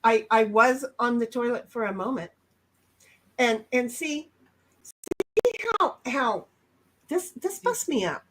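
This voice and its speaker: A high-pitched woman chatting on a casual home livestream. She is blunt and brash, swears freely, and now and then bursts out loud to make a point. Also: expressive, slow, long pauses, a little hiss or hum. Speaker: livestream co-host. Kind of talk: casual chat.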